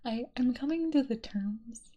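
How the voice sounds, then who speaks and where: A woman streamer in soft-spoken ASMR stream chat, slipping between whispers and quiet talk and giggling often. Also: on the high side, measured pace, highs cut off.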